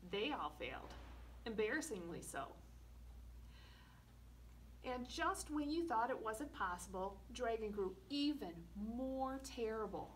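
A woman librarian reading a picture book aloud at a children's storytime, slow and expressive with playful asides. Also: on the high side. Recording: distant mic with faint room noise.

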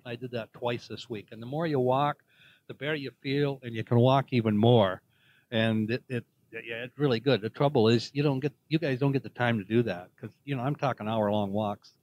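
A man's voice: mid-range voice, darkish tone, low-quality recording. Older man, cheerful, folksy, rambling, podcast co-host, faint room hum. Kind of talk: casual chat.

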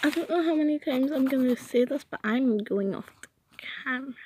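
A young woman talks to her viewers while she sketches, in a rambling, self-mocking way. Her voice sits a little high. A faint hiss is heard behind her. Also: fairly quick, darkish tone. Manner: chatty, self-deprecating, rambling. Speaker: vlogger. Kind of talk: casual drawing commentary.

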